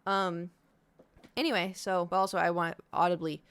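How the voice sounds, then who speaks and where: A woman's voice: lowish voice, level tone, moderate pace, a bit bright, clear, resonant tone, no echo. A young adult woman streamer telling a rambling, self-interrupting story to her chat in a casual way. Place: home.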